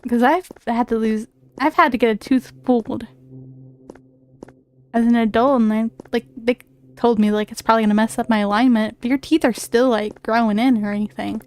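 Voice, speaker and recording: A woman's voice: a little high, fairly even intonation, normal speed. A woman streaming a video game, talking in chatty, rambling casual commentary full of fillers.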